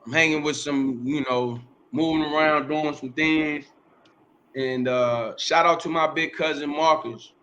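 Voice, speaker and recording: A man's voice: on the high side, steady tone, a little slow, bright, forceful tone, dull audio, a little hiss or hum. A middle-aged man, a podcast host, telling his life story in a casual interview, rambling, repeating himself and using slang and profanity.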